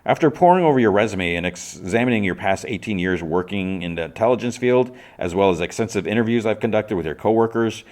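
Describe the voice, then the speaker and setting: A man's voice: fairly low pitch, animated, fast talker, hardly any pauses, a little mellow, voice pushed up, natural voice. A man voicing a prim, pompous male agency psychologist on a podcast, talking in a stiff, formal way. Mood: clinical.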